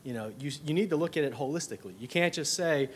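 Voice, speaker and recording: A man's voice: fairly high pitch, fast, a little hiss or hum. A man speaking on a conference panel, hesitant, with frequent fillers and restarts. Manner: hesitant, many you-knows and restarts. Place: conference session room. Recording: faint room ambience.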